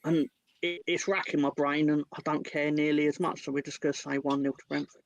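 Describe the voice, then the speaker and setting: A man's voice: a little high, flat delivery, brisk, vocal fry, dry recording, poor audio. A man giving football predictions in casual chat, hesitant and blunt, with swearing. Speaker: co-host pundit.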